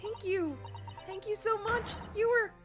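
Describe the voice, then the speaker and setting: A woman voicing an excitable, grateful young woman character in a courtroom game. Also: very high voice, a little slow, over music, pitched above the performer's own voice. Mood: overjoyed. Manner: gushing, eager.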